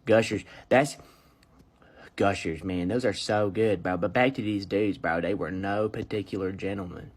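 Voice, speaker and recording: A man's voice: low-pitched, fairly even intonation, moderate pace. A man playing a laid-back, slangy young dude who rambles and ends his lines with "man" and "bro.". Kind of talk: comedy sketch monologue.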